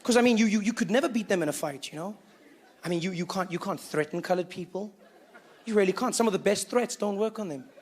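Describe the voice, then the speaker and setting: A young man from Johannesburg with a South African accent, telling a stand-up story in an animated, self-mocking way. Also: high voice, fast talker. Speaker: stand-up comedian. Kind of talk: stand-up comedy routine.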